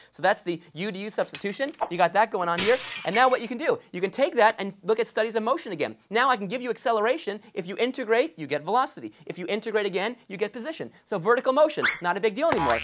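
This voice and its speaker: A middle-aged man lecturing as a math professor, energetic and enthusiastic, with playful asides. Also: high voice. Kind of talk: fast-paced lecture.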